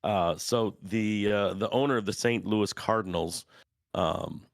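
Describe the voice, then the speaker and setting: A man co-hosting a podcast, telling a relaxed anecdote in casual chat. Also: fairly low pitch, unhurried, dry recording, clean studio sound.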